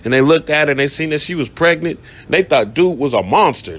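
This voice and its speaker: Brief: a male radio host with a somewhat high voice, blunt and profane, spinning casual stories. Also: expressive, fast, hardly any pauses, a bit bright. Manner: profane, blunt, laughs while telling stories. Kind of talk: casual storytelling monologue.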